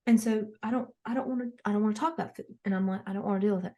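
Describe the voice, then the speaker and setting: A woman's voice: mid-range voice, racing, lo-fi sound, lightly acted. Woman doing a frazzled gossipy rich mom, rambles on and on, acts out everybody's lines, comedy podcast. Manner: rambling, animated storytelling with acted-out quotes. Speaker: podcast host character.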